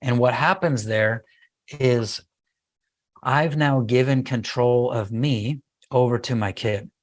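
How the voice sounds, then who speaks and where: A middle-aged man talking as a podcast guest about raising kids. He tells the story in an animated way, and he slips into the voices of himself and his small son as he goes. His pitch sits right in the middle for a man. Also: slow pace. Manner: animated storyteller, acts out his child's lines. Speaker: guest speaker on parenting. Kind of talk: conversational podcast interview.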